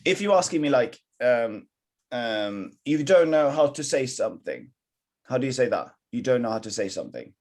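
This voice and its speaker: Husky man teaching Mandarin online. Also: medium pitch, very animated, normal speed, darkish tone. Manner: encouraging, mixes English and Mandarin, coaching. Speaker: Chinese teacher. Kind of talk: live online language lesson.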